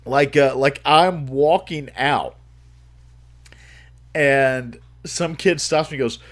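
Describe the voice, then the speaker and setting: A man hosting a livestream, telling a story in a casual, profane way, swearing freely and laughing as he goes. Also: mid-range voice. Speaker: livestream host.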